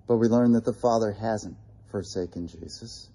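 Male pastor, sermon delivery, warm mellow tone, slightly husky. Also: fairly low pitch, moderate pace, few pauses. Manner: earnest preaching with asides and restarts.

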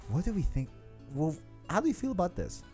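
A young man in casual chat, reading a comic aloud with a friend, animated and quick to laugh. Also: high-pitched, soft background music. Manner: animated, laughs often, trails off.

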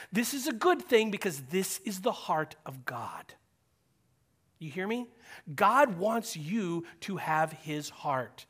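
Animated high-voiced male preacher. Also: breathy edge. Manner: animated preaching, swings from loud urging to hushed near-whisper; acts out quoted voices and asks the room questions. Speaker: pastor. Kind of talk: sermon.

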